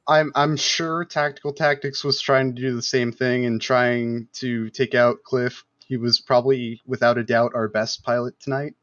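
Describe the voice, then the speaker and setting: A man's voice: mid-range voice, steady tone, normal speed, hardly any pauses, fairly bright tone, no echo, lo-fi sound. A man speaking as a pilot guest over voice chat, hesitant with many fillers. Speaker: pilot guest in a game community. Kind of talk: casual voice chat.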